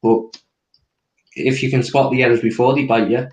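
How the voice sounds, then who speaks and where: A man's voice: mid-range voice, steady tone, normal speed, a little mellow, roomy sound, poor audio. A man co-hosting a football stream, explaining tactics and walking through player positions. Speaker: tactics analyst co-host. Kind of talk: casual tactical breakdown.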